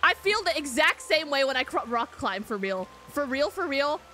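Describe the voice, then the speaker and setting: A woman's voice: sits high, sing-song, moderate pace, pushed and bright, a little hiss or hum. A young woman streaming a game, reacting jumpily, swearing, shrieking and reading chat aloud. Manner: jumpy, swears a lot, frequent shrieks.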